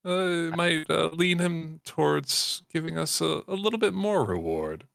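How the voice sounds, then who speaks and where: A man's voice: a little high, expressive, unhurried, vocal fry, hardly any pauses, fairly bright tone, no room sound. A man playing a tabletop game, making dry, wry comments. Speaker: player. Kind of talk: casual tabletop play.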